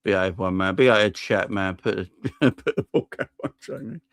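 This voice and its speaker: A man's voice: low voice, brisk, no echo. A man hosting a live-stream football fan channel, ranting heatedly, swearing and talking to his chat.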